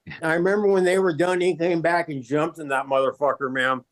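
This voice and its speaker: A man's voice: fairly high pitch, steady tone, fairly quick. A middle-aged man, a guest guitarist, talking loosely and swearing freely while chewing nicotine pouches. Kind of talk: casual interview chat.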